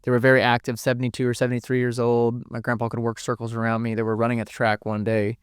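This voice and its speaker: A young man speaks in a smooth, resonant voice that stays fairly level in pitch. He tells a personal story as an interview guest, rambling and emotional, restarting his sentences and cursing often. The sound is dry and close, with no room echo. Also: completely flat delivery, fast talker. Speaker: podcast guest.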